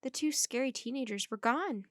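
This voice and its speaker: A woman reading a children's chapter book aloud in a clear, measured storytelling manner. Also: high-pitched, fairly bright tone, no echo, studio quality.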